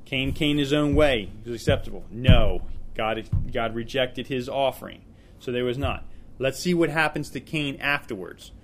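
A man's voice: mid-range voice, moderate pace, a bit bright, a little hiss or hum. A man leading a small-group Bible study in an informal teaching style, earnest and often repeating words as he thinks aloud.

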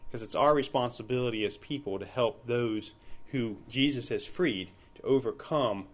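A man leading an informal Bible study, talking in a relaxed, conversational way and acting out the people in the story. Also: medium pitch, moderate pace. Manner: conversational, retells scenes in acted quotes.

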